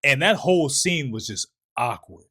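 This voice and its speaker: A man's voice: mid-range voice, lively intonation, normal speed, bright, forceful tone, husky. A man co-hosting a casual movie review, mostly chiming in and finishing his co-host's sentences. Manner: short agreeing interjections, finishes co-host's sentences. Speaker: podcast co-host.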